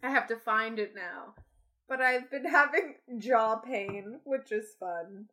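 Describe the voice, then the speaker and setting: Giggly young woman cohosting a podcast, highish voice, playful banter. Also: slow, bright, forceful tone. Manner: giggly, playful, laughs often. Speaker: podcast co-host. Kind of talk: casual chat.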